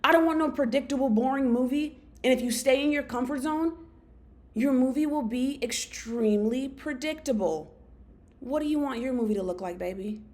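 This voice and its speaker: A woman's voice: mid-range voice, vocal fry, a little mellow, a little hiss or hum. A woman giving a motivational monologue to her followers, earnest and affectionate, talking in run-on spurts with lots of "like.". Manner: earnest, affectionate, calls listeners "baby". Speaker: motivational vlogger.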